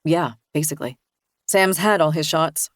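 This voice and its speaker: A woman reading the lines of a cold, dismissive young husband, pitched a little lower. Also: moderate pace, dry recording, studio quality, close to an everyday voice. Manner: hostile, dismissive.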